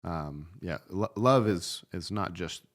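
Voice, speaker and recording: A man's voice: sits low, expressive, slow pace. A man co-hosting a church podcast, chatting casually and jumping in with earnest points. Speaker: podcast co-host.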